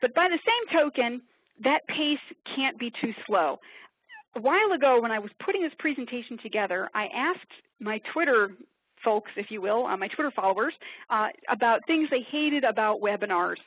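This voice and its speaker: A woman from upstate New York presenting a webinar, talking quickly in a chatty, self-deprecating way. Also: on the high side, expressive, breathy edge. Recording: tinny phone-like webinar audio.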